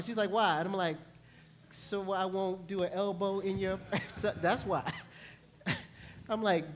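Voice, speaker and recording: Playful animated preacher man. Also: high-pitched, takes it slowly, pauses often. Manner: animated, playful, acts out voices and laughs with the congregation. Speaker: pastor. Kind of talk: sermon. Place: church sanctuary.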